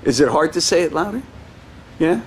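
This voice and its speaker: Playful, high-voiced karate instructor man. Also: moderate pace, slight background noise. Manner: playful, teasing, bursts into excited shouts. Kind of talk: coaching children in class. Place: indoor karate studio.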